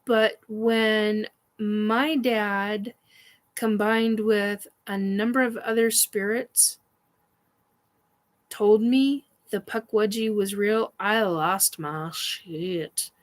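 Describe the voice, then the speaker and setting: A woman's voice: mid-range voice, fairly even intonation, drawn-out words, low-quality recording. A woman hosting a casual paranormal chat stream, rambling with many fillers, defiant and swearing.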